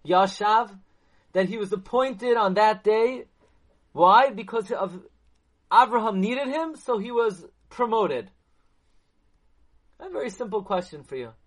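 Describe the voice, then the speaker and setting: High-voiced man teaching a Torah class. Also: measured pace, long pauses. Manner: animated, asks the audience questions; mixes Hebrew and Yiddish terms into English.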